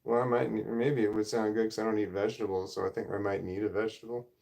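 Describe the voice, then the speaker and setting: Gravelly middle-aged man rambling. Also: lowish voice, little pitch movement, quick pace, a little mellow. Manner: rambling, easily sidetracked, self-deprecating. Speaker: livestream host reading chat. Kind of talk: casual livestream chat. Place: home room, indoors. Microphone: camera or phone mic at desk.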